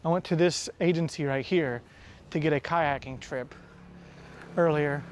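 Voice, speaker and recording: A man's voice: fairly high pitch, unhurried, slight background noise. A man from the United States talking casually to camera outdoors, rambling and correcting himself, a little out of breath. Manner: rambling, self-correcting, with light laughs. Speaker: travel vlogger. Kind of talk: casual vlog talk.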